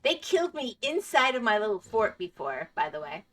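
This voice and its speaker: Live-streaming Minecraft, this woman chats easily with her audience and laughs a lot. Her mid-range voice has a sing-song lilt and moves at a normal speed.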